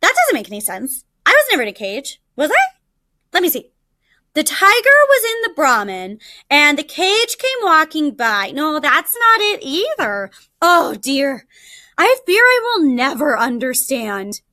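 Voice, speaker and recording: Storybook trickster: a sly male jackal, fretful and slow-drawling, read by a woman. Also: sits high, huge pitch swings, bright, forceful tone, no echo, clean studio sound, full character voice. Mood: dithering. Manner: dithering, fretful, drawn-out. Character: sly male jackal, fussy and feigning confusion.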